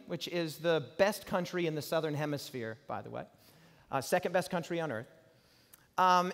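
Preacher, man, 40s, tenor voice, dramatic live sermon with hall reverb. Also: sits high. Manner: storytelling, dramatic swings from loud to hushed. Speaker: pastor. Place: large hall.

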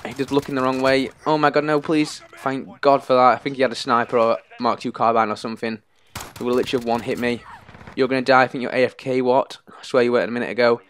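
A man giving live gameplay commentary, excitable and anxious, often pleading under pressure. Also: mid-range voice, fast, few pauses. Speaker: gaming YouTuber.

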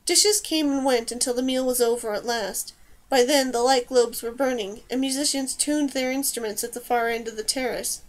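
A woman reading a novel aloud as an audiobook, with steady, even storytelling. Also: fairly high pitch, moderate pace. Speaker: audiobook reader. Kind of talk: scripted narration.

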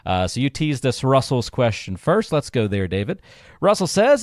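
A man co-hosting a casual finance podcast, joking and lively as he reads listener questions. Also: medium pitch, normal speed, no room sound, studio quality. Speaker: podcast co-host.

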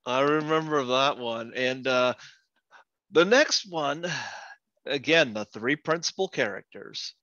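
A man hosting a podcast who tells long jokes at a slow, unhurried pace and laughs along with them. His voice is bright and forward. The sound is dull and lo-fi, in a very dry space. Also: mid-range voice, lively intonation, no room sound. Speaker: podcast host. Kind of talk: casual chat, telling jokes.

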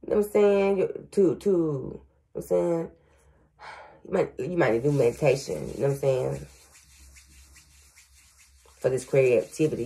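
A woman's voice: deep voice, moderate pace, vocal fry, pauses often, mellow. A grandmother working as a psychic medium, giving a casual reading to viewers with frequent stutters, fillers and "y'all". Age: older.

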